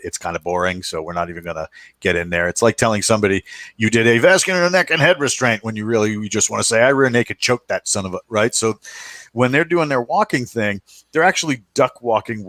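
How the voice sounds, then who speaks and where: A man with a lowish voice hosts a casual podcast chat. He rambles in a loose, slangy way and keeps restarting his sentences. The sound is dry and close. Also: fairly bright tone, no echo. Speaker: podcast host.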